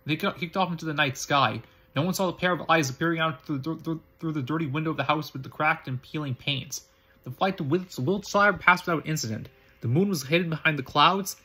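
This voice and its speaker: A man's voice: fairly high pitch, bright, forceful tone, slightly rough. A man reading a fan story aloud, stumbling often and restarting words. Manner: halting, frequent restarts and slips. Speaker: reader.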